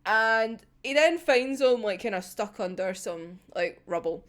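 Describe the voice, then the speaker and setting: A woman's voice: a little high, expressive, measured pace, a bit bright. A young woman reacting to a manga chapter in casual chat, swearing freely and laughing often. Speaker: manga reviewer.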